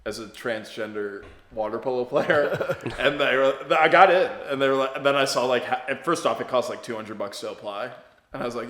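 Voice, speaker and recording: Bright-voiced joking man, roomy sound. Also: mid-range voice. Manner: dry, quick jokey interjections. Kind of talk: casual comedic chat. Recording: roomy echo.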